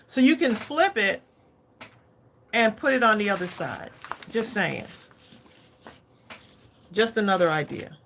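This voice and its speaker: A woman's voice: mid-range voice, very animated, measured pace, vocal fry, long pauses, a bit bright. A woman hosting a craft livestream, chatting casually and often asking viewers what they think. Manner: chatty, keeps asking viewers their opinion.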